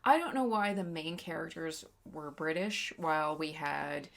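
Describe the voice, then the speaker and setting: A woman's voice: low voice, moderate pace, vocal fry. A woman co-hosting a casual movie review podcast, opinionated and ranting, swearing freely. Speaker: podcast co-host.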